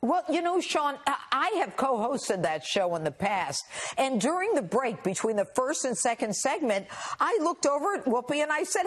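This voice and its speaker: Animated indignant woman. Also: high-pitched, moderate pace. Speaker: guest. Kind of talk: cable news interview.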